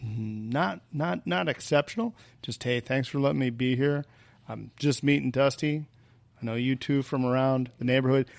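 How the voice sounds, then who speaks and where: A man chats on a podcast in a folksy way, leading into his points like little stories. His voice has a gravelly fry, and the recording is dry and close, with no room sound. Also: mid-range voice, normal speed, no room sound. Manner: folksy, storytelling. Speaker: podcast guest. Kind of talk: casual panel chat.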